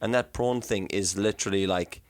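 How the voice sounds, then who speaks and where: A man's voice: on the low side, normal speed, dry recording. A young man from South Africa co-hosting a casual podcast, rambling and correcting himself as he explains things. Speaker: co-host.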